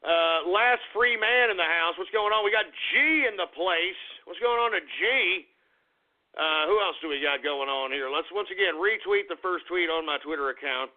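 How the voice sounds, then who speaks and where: A man's voice: high-pitched, normal speed. A man hosting a radio show, ranting in an agitated, profane, rambling way. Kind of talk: ranting call-in style talk radio. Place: Austin, Texas. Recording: tinny phone-like lo-fi radio recording.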